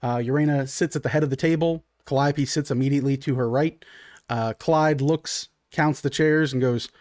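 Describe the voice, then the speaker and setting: A man narrating as game master for a tabletop game, in a relaxed, conversational way with many fillers. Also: medium pitch, moderate pace, dry recording, clean studio sound.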